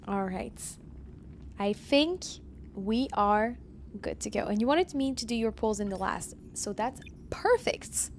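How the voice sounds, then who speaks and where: A woman's voice: mid-range voice, slight background noise. A woman live-streaming from home, chatting casually and answering viewers as she plays. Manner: chatty, reads chat aloud and answers viewers.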